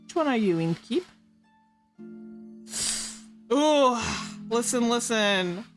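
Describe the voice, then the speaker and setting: A woman's voice: a little high, animated, slow, soft background music. A woman streamer doing giggly, playful improvised role-play, stumbling over made-up fantasy names.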